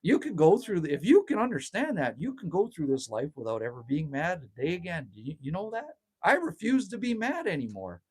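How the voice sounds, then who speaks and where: A man's voice: a little high, sing-song, fairly quick, few pauses, darkish tone, breathy edge. A middle-aged man hosting a casual livestream from a cabin, rambling and ranting, reading out viewer comments and swearing freely. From Canada. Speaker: livestream host. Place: outdoors at a cabin. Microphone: phone livestream.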